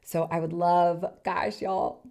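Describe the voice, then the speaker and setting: Woman, 30s, podcast host, gravelly, mellow, earnest, encouraging. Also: fairly low pitch, level tone, takes it slowly. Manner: earnest, encouraging, speaks in short soft phrases. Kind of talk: solo podcast monologue.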